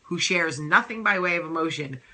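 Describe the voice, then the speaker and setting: A woman voicing her own blunt, deadpan husband, who talks in a flat, matter-of-fact and teasing way. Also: low voice, moderate pace, full character voice.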